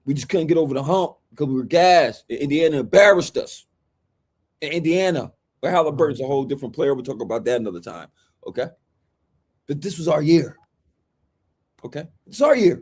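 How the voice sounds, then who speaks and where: Hyped man in loud sports banter. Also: a little high, lively intonation, fairly quick, long pauses, breathy edge. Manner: hyped, preachy, swings into shouting impressions. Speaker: podcast co-host, basketball fan. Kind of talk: animated sports chat.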